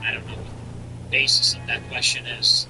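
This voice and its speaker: A man's voice: medium pitch, flat delivery, fairly quick, in a whisper, rough recording. A man hosting a livestream, chatting casually and ranting bluntly with frequent profanity. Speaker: livestream host.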